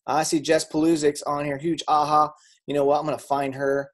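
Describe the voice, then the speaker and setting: A man's voice: a little high, flat delivery, brisk. Upbeat man leading a group call. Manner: upbeat, encouraging, frequent restarts. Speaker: team leader hosting a group call. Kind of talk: casual motivational chat.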